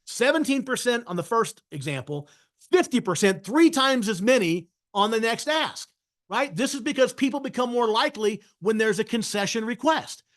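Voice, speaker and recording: Male sales trainer, higher-pitched voice, emphatic masterclass delivery with constant check-ins. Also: animated, normal speed, fairly bright tone. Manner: emphatic, frequently tags points with "right?". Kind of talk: webinar masterclass talk.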